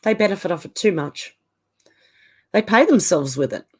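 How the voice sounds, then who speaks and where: A middle-aged woman hosts a livestream in a casual chat, reading out viewer comments and reacting to each one with quick opinions. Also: medium pitch, lively intonation. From Australia. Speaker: livestream host.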